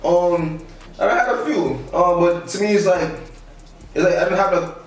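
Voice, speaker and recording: A man's voice: high-pitched, fairly even intonation, normal speed. A young man, a comedian guest, telling stories in a casual interview, slangy and laughing often. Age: young adult. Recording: echoey room, distant mic.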